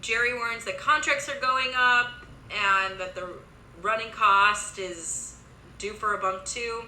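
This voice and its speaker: A young woman casually recapping a TV series, chatty, with quick asides and lots of filler words. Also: fairly high pitch, sharp tone, echoey room, a little hiss or hum, rough recording.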